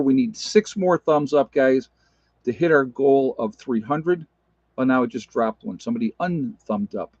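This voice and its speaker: A man's voice: mid-range voice, no room sound. Man rambling on a dull, lo-fi livestream. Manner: rambling, conversational, answers viewer comments. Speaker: livestream host. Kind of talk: casual livestream talk with chat. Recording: dull lo-fi stream audio.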